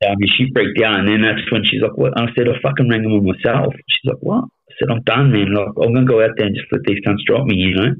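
A man's voice: on the low side, steady tone, fast talker, few pauses. A man in his thirties with an Australian accent, telling his life story as a podcast guest in blunt, heavily sworn casual speech. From Melbourne, Australia. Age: 30s. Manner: blunt, heavy swearing, frequent "you know what I mean". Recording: tinny phone-like sound.

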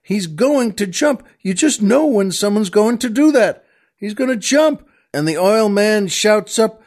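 A man's voice: sits high, lively intonation, measured pace, darkish tone. Chatty man hosting a comedy podcast. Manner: chatty, jokey asides, chuckling. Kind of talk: casual comic monologue.

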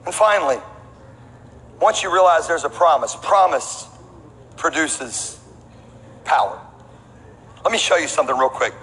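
Middle-aged man, pastor, animated sermon, forceful bright voice, long hall reverb. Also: a little high, a little slow, pauses often. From Texas. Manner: animated storytelling preacher with call-and-response asides. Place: large church auditorium. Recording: long hall reverb with faint room noise.

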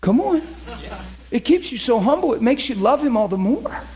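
High-voiced man preaching, animated. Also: normal speed. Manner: animated storytelling, laughs often; emphatic, asks listeners questions. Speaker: preacher teaching a class. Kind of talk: sermon-style teaching.

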